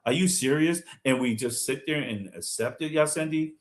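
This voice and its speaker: A man's voice: medium pitch, moderate pace. A man hosting a livestream discussion, indignant and firing off rhetorical questions.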